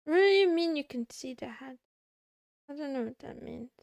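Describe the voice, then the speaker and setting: A woman's voice: high-pitched, expressive, normal speed, vocal fry, darkish tone, no room sound. A young woman streamer chatting casually to her chat, playful and a bit whiny, meowing and muttering to herself. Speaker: VTuber livestreamer.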